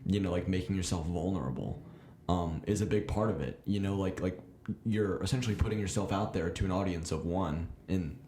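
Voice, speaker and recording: Fast-talking young man, roomy sound. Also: sits low, mellow, a little hiss or hum. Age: young adult. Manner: hesitant, many fillers like "like" and "I mean". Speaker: co-host and protege. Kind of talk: casual chat.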